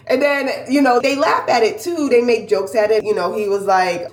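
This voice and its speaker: A woman in her forties chatting casually in a travel vlog, telling stories in an animated way and acting out the voices of the people she quotes. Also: on the high side, normal speed, few pauses. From northern United States. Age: 40s. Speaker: vlogger and business owner. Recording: roomy echo.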